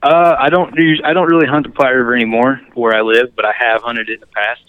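An easygoing man, a guest on a hunting podcast, talks in a plain-spoken way and now and then stumbles into restarts. His voice is smooth and resonant at a middling pitch. The sound is dry and close. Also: fairly even intonation, fast, dry recording, narrow, tinny audio. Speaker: podcast guest, duck hunter. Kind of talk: casual interview chat.

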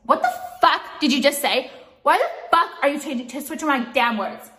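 Woman, makeup vlogger, irritated cursing rant, lots of "like", higher-pitched voice, reverberant room. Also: expressive, normal speed, bright, forceful tone. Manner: exasperated, profane, heavy use of "like". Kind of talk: ranting vlog monologue. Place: at home.

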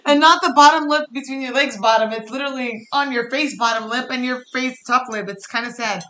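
A woman's voice: sits high, a little fast, sharp tone. A young woman co-hosting a podcast, teasing and blunt in casual, profane chat. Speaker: podcast co-host. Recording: echoey room, faint noise.

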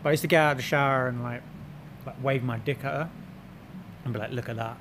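A man's voice: medium pitch, fairly even intonation, fast talker, noisy background. Rambling man in casual chat. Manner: rambling, filler-heavy, drops into mock-boastful asides.

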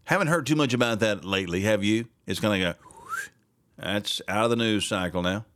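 A man's voice: fairly low pitch, fairly quick, a bit bright, slight background noise. A man hosting a casual political commentary podcast, sarcastic and rambling, laughing often. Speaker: podcast host.

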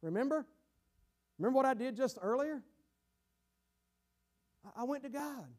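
A man preaching a sermon in a dramatic style, acting out the voices of a guilty sinner and sometimes shouting for emphasis. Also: very high voice, lively intonation, moderate pace.

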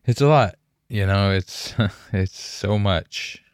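Young man, deep voice, smooth tone, halting profane podcast talk, emotional, sighing. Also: no echo, clean studio sound. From Canada. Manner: halting, profane, full of fillers and restarts. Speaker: podcast host.

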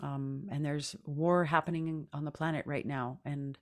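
A woman's voice: low voice, flat delivery, measured pace. A middle-aged woman, a singer and podcast guest, talking earnestly and reflectively, often laughing. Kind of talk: casual interview talk.

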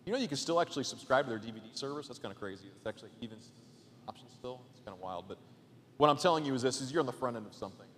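A man preaching a sermon as a guest pastor in a church, casual and chatty, swinging between loud emphatic points and hushed asides. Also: mid-range voice, long reverb tail. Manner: casual, chatty with fillers and jokes. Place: church auditorium.

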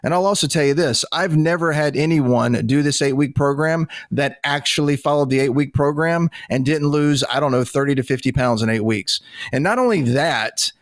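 A man's voice: a little high, moderate pace, no echo. A man hosting a podcast from his studio, talking bluntly and with exasperation, swearing freely. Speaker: podcast host. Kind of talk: casual podcast talk.

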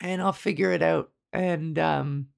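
A woman's voice: steady tone, unhurried, gravelly. Scratchy-voiced woman rambling through a podcast. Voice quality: scratchy low voice. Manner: rambling, self-deprecating, swears freely. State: sore voice. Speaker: podcast host. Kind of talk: casual solo monologue.

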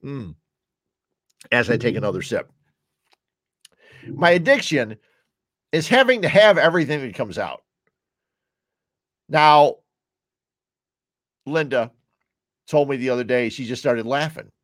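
On his own show, a man with a Chicago-area American accent drinks a beer at home and drifts casually between subjects. He is very animated yet unhurried, pausing often, and his medium-pitched voice is a bit bright. The studio audio is clean, without any room sound.

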